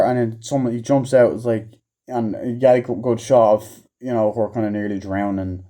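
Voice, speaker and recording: Mellow-voiced man ranting in a profane review. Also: medium pitch, fairly even intonation, moderate pace. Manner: profane, rambling, acts out characters' lines in a raised voice. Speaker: movie reviewer. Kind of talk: casual rambling movie review.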